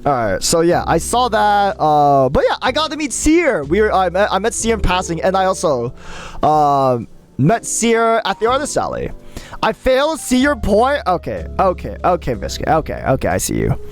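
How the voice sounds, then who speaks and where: A young adult live streamer in casual conversation with chat, voice swinging animatedly up and down. The talk is excitable and chatty, full of quick restarts. Faint music plays in the background. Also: medium pitch.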